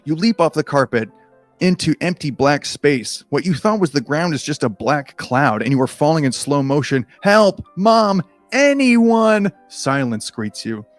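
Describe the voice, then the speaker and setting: A man's voice: medium pitch, moderate pace, no echo, soft background music. A man reading a choose-your-own-adventure book aloud in a casual, comedic way, with rambling, self-deprecating asides and frequent swearing.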